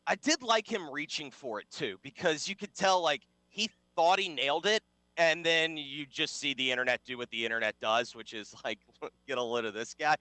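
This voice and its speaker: A man's voice: fairly high pitch, moderate pace, bright, forceful tone, dry recording. A man co-hosting a casual sports talk show, wry and sarcastic, rambling through his points. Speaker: sports radio co-host.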